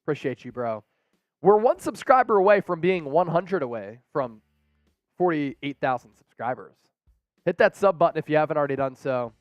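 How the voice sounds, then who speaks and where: A man hosting a sports live stream, chatting casually and excitedly straight to his viewers as he reads out their donations. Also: fairly high pitch, normal speed, no echo, lo-fi sound, soft background music. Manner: hyped, talks straight to the viewers.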